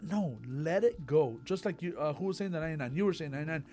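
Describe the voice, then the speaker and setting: A man in casual faith talk, animated and acting out quotes in lively voices as a co-host. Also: fairly high pitch, quick pace. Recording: faint music behind.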